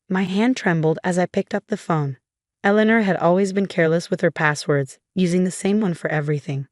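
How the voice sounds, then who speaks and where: A woman with a low voice tells a scripted story in the first person, keeping an even, measured delivery. The recording is dry and close, with no room sound. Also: dry recording. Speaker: narrator.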